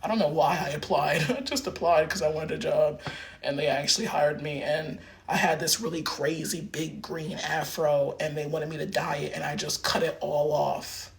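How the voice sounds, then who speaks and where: A man's voice: fairly high pitch, fairly even intonation, normal speed, creaky. Guy just rambling on his stream, tons of likes and you knows, loose casual talk. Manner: rambling, heavy use of filler words. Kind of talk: casual livestream rant.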